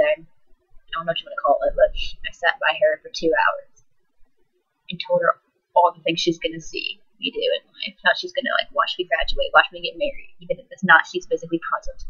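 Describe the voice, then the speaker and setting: A teenage girl telling a personal story in a soft, halting, emotional way. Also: lowish voice, breathy edge. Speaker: vlogger. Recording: dull lo-fi recording.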